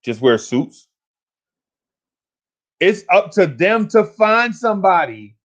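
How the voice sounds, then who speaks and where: A man hosting a sports talk livestream, ranting in exasperation, repeating himself and climbing into shouts. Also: high-pitched, big pitch swings, slow pace. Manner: exasperated, repetitive, rising to shouts. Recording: lo-fi stream audio.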